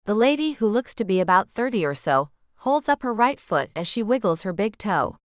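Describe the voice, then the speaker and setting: A woman's voice: mid-range voice, very animated, a little fast, no room sound, studio quality. Sweet-voiced woman with a Southern drawl. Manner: soft, sweet, soothing. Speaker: audiobook narrator. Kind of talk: scripted narration.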